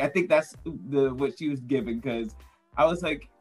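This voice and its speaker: A man co-hosting a casual chat show, talking excitably with laughter. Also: mid-range voice, moderate pace, breathy edge, faint music behind. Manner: excitable, laughs between points. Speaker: podcast co-host.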